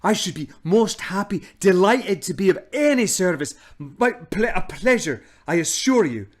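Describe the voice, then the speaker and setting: Man doing a stammering fawning old gentleman. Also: sits high, very animated, a little slow, pitched above the performer's own voice, full character voice. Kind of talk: storybook read-aloud.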